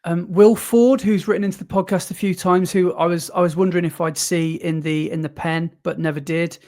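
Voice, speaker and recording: A man from the UK talks casually on a podcast, rambling with fillers and quick restarts. His voice sits a little high for a man. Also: fairly even intonation, a little mellow. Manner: chatty, enthusiastic, many fillers and restarts. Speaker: podcast co-host. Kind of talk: casual chat.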